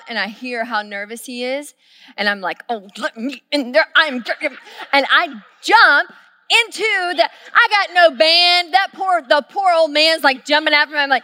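A woman pastor, preaching a sermon and telling a story, moving from hushed, intimate lines to loud, excited shouts. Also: sits high, moderate pace, dry recording, studio quality.

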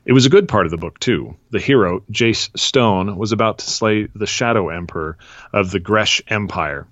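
A deep-voiced man hosting a podcast, chatting and reading a story excerpt at a steady, measured pace. The recording is dry and somewhat dull in tone. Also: no room sound. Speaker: podcast host. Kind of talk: casual chat and reading aloud.

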